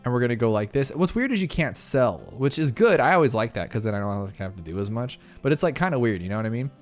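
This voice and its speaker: A young man giving casual, excitable gameplay commentary, thinking aloud with lots of fillers as he tries things and reacts. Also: mid-range voice. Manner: fast, excitable, full of fillers and self-talk. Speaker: gaming channel host. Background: faint game music.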